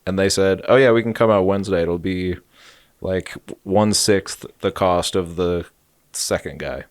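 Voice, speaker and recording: A man's voice: low voice, moderate pace, no room sound. Man in his thirties, podcast co-host, rambling comic storyteller, dry mic. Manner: rambling storyteller, jokey asides. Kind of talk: casual comedic chat.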